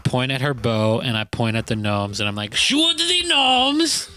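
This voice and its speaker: A man's voice: on the low side, steady tone, brisk, a bit bright, smooth, faint music behind. A man playing a tabletop game, casual and joking as he describes his moves. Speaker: player.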